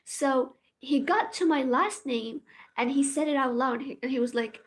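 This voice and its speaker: A woman's voice: high voice, moderate pace. A young woman, a university student, telling a dramatic storytime vlog and swearing casually. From Morocco. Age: young adult.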